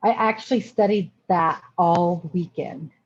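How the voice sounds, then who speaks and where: A woman's voice: fairly low pitch, a little slow, husky, muffled recording. A woman student on an online class call, speaking hesitantly as she explains herself.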